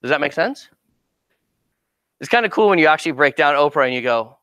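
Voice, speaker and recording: Middle-aged guy talking marketing to a group, chatty and animated, crisp bright tone, dry room. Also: fairly high pitch, brisk, no room sound. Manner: conversational, animated, keeps asking "right?". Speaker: marketing speaker and actor coach. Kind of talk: informal seminar talk.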